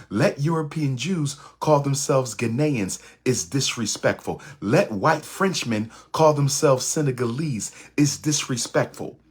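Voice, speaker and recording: A man giving an impassioned lecture in a rhythmic, repetitive preaching cadence, with a husky voice. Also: mid-range voice. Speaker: speaker.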